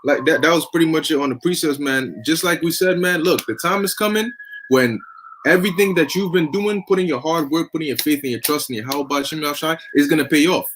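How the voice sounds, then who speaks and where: A man's voice: on the high side, quick pace, a bit bright, a little hiss or hum, rough recording. A man co-hosting a religious talk show, preaching scripture in a casual, slangy way. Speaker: co-host.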